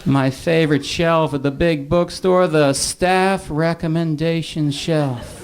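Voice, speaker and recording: Deadpan man doing stand-up, crowd laughing. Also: a little high, slow. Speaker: stand-up comedian. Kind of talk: stand-up comedy set. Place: comedy club with a live audience.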